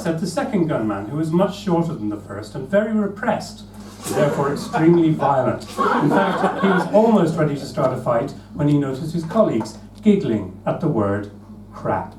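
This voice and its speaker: A man's voice: fairly high pitch, normal speed, far from the mic, crowd noise. A man improvising a comic story on a live stage, laughing as he goes. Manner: lively, laughing at his own jokes. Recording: roomy live stage, from afar, noisy.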